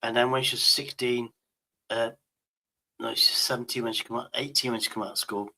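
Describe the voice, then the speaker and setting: Bright-voiced man rambling and swearing. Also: medium pitch, level tone, fairly quick. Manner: rambling, swearing, many restarts. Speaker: host. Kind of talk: casual chat.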